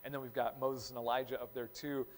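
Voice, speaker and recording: A man's voice: medium pitch, fast talker, poor audio. Conversational man preaching a sermon. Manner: conversational, acts out short quotes in lively voices. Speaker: pastor.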